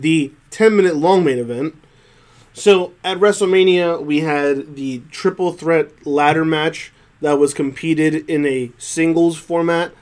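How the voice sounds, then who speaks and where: A man with a slightly high voice chats through a wrestling recap as co-host. He lists the results plainly, then gets exasperated, and his pitch leaps when he rants. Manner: animated, exasperated rants with wide pitch jumps. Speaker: podcast co-host. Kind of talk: casual wrestling recap chat.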